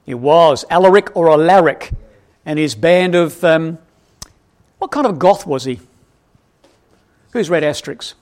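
A man's voice: fairly high pitch, unhurried, pauses often. A man preaching an expository Bible lesson, quizzing his audience and correcting himself as he goes. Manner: animated, asks the audience questions, self-correcting.

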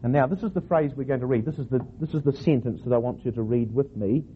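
A man teaching a class on how to read a scripture verse, reading it aloud slowly with different stresses and then questioning his listeners. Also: mid-range voice. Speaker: Bible teacher. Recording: tinny phone-like recording with faint noise.

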